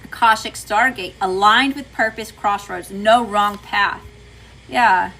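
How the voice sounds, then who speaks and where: A woman's voice: medium pitch, takes it slowly, bright, forceful tone, low-quality recording. A chatty woman with a Southern US accent, doing a casual livestream tarot reading and greeting her chat. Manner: chatty, folksy, says y'all often.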